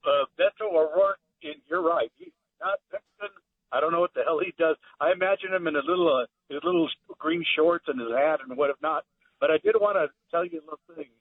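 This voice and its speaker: A man's voice: a little high, very animated, fast, vocal fry, no echo. A man calling in to a radio show, chatting in a friendly way. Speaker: call-in caller. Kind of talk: phone-in conversation. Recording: tinny phone line.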